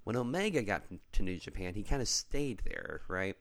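A man's voice: lowish voice, lively intonation, moderate pace, a bit bright. A man co-hosting a casual chat, walking through a story step by step and checking in with his listener as he goes. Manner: storytelling, explains step by step with frequent "okay?" check-ins. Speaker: podcast co-host. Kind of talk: casual wrestling recap chat.

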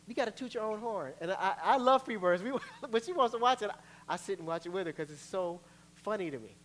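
A man preaching a sermon as pastor, lively and playful, acting out little quotes and laughing along the way. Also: high voice, fast talker. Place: church sanctuary.

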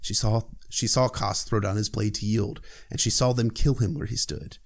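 A man's voice: on the low side, steady tone, moderate pace, creaky. A man casually recapping a book chapter as a podcast host, irreverent and profane, with joking asides.

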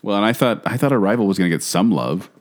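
A man with a fairly low voice chats casually as a podcast co-host. His pitch swings widely and he sounds animated. He laughs often as he talks. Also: fast talker. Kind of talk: casual chat.

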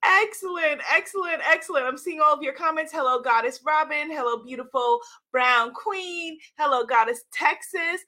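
A woman's voice: high voice, normal speed, pushed and bright. A woman hosting a live stream as an author, talking casually with viewers, upbeat and greeting them by name. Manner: upbeat, laughs often, greets viewers one by one. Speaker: livestream host and author.

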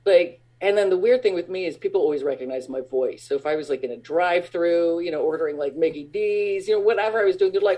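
Woman in her 40s rambling thru interview stories, tons of likes and fillers, laughing, squeaky when she mimics fans. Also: fast, few pauses. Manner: bright high tones when acting out fans. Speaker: guest. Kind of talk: casual interview chat.

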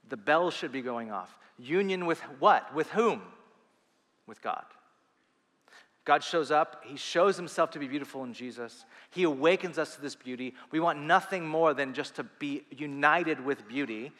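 A man preaching a sermon as pastor, earnest and animated, with quick asides and restarts. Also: mid-range voice, long reverb tail.

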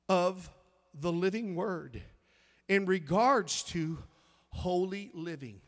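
A man preaching a sermon in a church, emphatic, reading scripture aloud with halting restarts. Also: sits high, fairly bright tone, long reverb tail.

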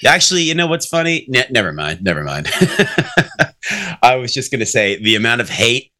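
A man's voice: mid-range voice, sing-song, moderate pace, bright, forceful tone. A man co-hosting a podcast in casual chat, joking and sarcastic, swearing freely. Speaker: podcast co-host.

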